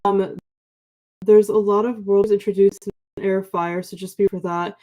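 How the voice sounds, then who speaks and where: Young woman, mellow, sleepy morning voice, chatty, lots of ums, casual livestream. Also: medium pitch, flat delivery, normal speed. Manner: chatty, many ums and likes, warm thanks to viewers. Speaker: book livestream co-host. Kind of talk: casual livestream chat reading viewer comments.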